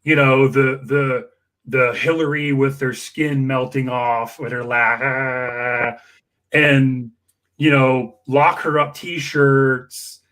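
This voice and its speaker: A man telling campaign stories in casual chat, animated and full of acted-out quotes. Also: takes it slowly. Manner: animated, acts out quoted dialogue with big pitch jumps. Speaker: political campaign staffer and guest storyteller. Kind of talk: casual conversational storytelling.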